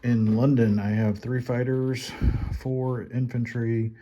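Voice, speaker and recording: A man playing a board game at home, calmly talking through his turn and counting his units and money aloud. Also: mid-range voice, slow pace, lo-fi sound, slight background noise. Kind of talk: casual solo board game playthrough.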